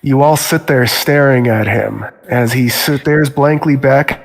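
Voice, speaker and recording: A man serves as game master, laying out the scene in steady, descriptive narration. His voice sits at a middle pitch. A long reverb hangs behind him. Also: a little slow. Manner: steady descriptive narration, voicing nervous guards.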